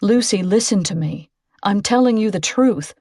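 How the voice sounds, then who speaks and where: Woman doing a solemn teen boy, serious, even, calm, guarded, dry recording. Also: medium pitch, moderate pace, gravelly, breathy edge, dry recording.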